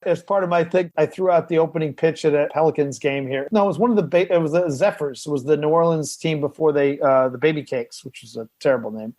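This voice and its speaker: A man's voice: on the high side, quick pace, hardly any pauses, no echo. A man, an actor, chatting on a podcast and telling stories, acting out the voices of people he met. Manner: animated storyteller acting out other people's lines. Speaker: actor guest. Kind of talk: casual podcast chat.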